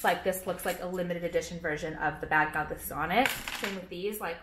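A woman's voice: fairly low pitch, fairly quick, noisy background. A young woman chatting in a rambling, brash way, swearing freely and filling her talk with "like," as she shows off her purchases and products. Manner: brash, rambling, heavy swearing and filler words. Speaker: vlogger and small business owner. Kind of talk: casual haul vlog. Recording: echoey room.

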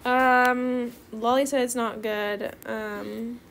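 Excitable teen girl creator, high voice with fry, chatty gameplay commentary. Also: extremely slow, slight background noise. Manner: calls viewers bestie. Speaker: gaming video creator.

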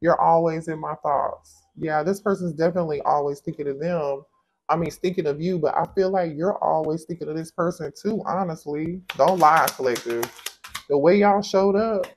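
Animated man reading tarot cards. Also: fairly high pitch, a little hiss or hum. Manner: animated, exclaiming, talks straight to viewers as y'all. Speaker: tarot reader. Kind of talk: casual tarot reading to viewers.

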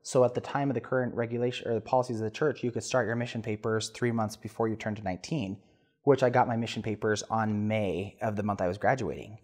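A man in his thirties, a podcast guest telling a personal story in an earnest, animated way with restarts. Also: lowish voice, fast talker.

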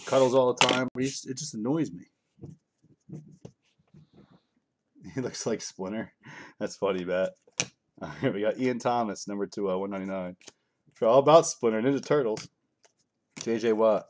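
There are long pauses in this fairly low male voice, which moves at a normal speed. The man is running a live card break from home, giving chatty, rambling commentary and announcing each card he opens.

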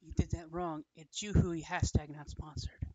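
Low, slow woman with dry teasing quips, muffled dry recording. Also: fairly even intonation, mellow, no echo.

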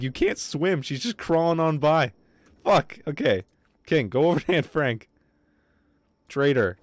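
A young man chats through a livestream of his game, swearing freely and flaring up in quick bursts of frustration. His voice sits at a middle pitch for a man. The sound is dry and close, with no room echo. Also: expressive. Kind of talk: casual gaming livestream commentary.

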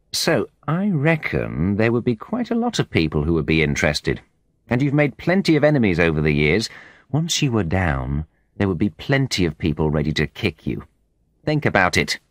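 Man playing a cocky confronting ex-boss in a storybook, lively and pushy, dry sound. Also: on the low side, normal speed, no room sound, voice pushed up. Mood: defiant. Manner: confident, pressing, raised voice. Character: defiant foreign ex-manager, confronting his enemies.

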